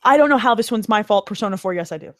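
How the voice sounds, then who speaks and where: A woman's voice: medium pitch, expressive, racing, no room sound. A woman co-hosting a podcast in casual chat, teasing her friend, swearing a lot and laughing through her lines. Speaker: podcast co-host.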